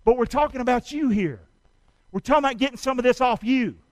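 A man preaching a sermon, asking his congregation to answer back and building up to loud, fervent cries. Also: very high voice, quick pace, no echo, low-quality recording. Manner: call-and-response preaching, rising to shouts. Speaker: pastor.

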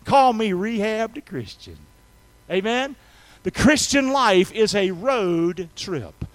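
Man, high-pitched, pastor preaching, folksy, call-and-response, soft to shouting. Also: animated, slow, rough recording. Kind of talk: sermon. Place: church sanctuary.

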